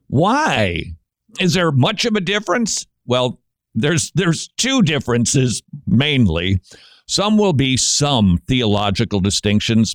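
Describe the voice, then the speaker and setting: A man hosting a Christian radio show, giving sarcastic commentary and breaking into mocking shouted impressions. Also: medium pitch, dry recording, studio quality.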